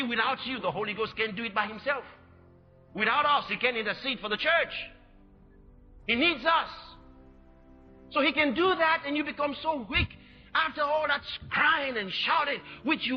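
A man preaching a sermon, exhorting loudly with repeated declarations. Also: very high voice. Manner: shouting, exhorting, repetitive declarations. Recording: dull lo-fi sermon recording with music.

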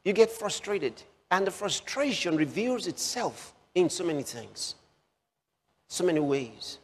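A man preaching with a fairly high voice, leaning on slow, emphatic repeats of key phrases. His words ring out with a long reverb, as in a large hall. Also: big pitch swings, husky. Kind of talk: sermon.

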